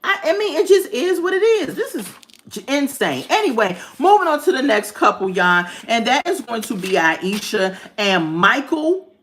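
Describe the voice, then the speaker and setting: A woman's voice: high voice, very animated, moderate pace, slight background noise. A woman giving a casual, sassy recap of a reality show, laughing often and talking to her viewers. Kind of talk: casual commentary.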